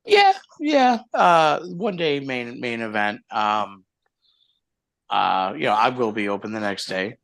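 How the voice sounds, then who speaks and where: A man's voice: mid-range voice, big pitch swings, slow, vocal fry, a bit bright, no room sound. A man, a guest who owns a hobby shop, chatting casually on a live stream and telling rambling stories with frequent laughs.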